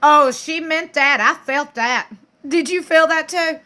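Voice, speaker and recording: A chatty woman with a bright, forward voice that sits a little high, recapping a reality show. She talks in a sassy, gossipy way, full of slang, and drops into playful mocking impressions of the people she discusses. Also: measured pace.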